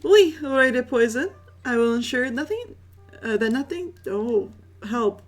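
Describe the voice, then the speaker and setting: A woman's voice: fairly high pitch, animated, a little slow, soft background music. Lady doing a chirpy fancy-polite hunter guy, flowery and eager. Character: flamboyant, overly polite young male hunter.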